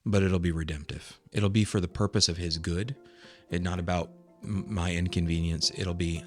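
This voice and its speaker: A man, a pastor, talking in a casual podcast discussion with earnest, animated emphasis. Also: sits low, moderate pace, few pauses, faint music behind.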